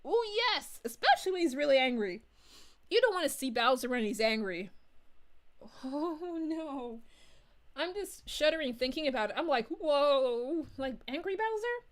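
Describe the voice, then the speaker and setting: A woman's voice: high-pitched, big pitch swings, measured pace. A woman voicing a bubbly, giggly young princess as a VTuber streamer, chatting with viewers in character. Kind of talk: in-character livestream chat.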